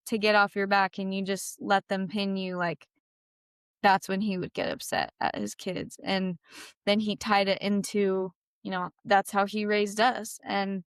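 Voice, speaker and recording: Her story is one of personal loss, told casually by a young woman guesting on an interview show who uses "like" heavily and mimics herself in a higher voice when quoting. It's a smooth voice in clean studio sound without echo.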